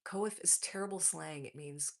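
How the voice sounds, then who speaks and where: A woman in her forties with a low-pitched voice hosts a casual live stream. She reads viewer comments and answers them in an upbeat, friendly way, calling the viewers folks. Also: normal speed, vocal fry. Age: 40s.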